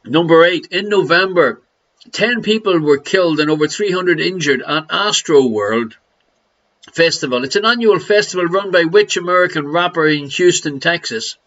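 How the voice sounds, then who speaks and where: High, bright Irish quiz host. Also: male voice, normal speed, highs cut off. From Ireland. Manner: jokey, teasing, laughs between questions. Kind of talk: live online quiz hosting.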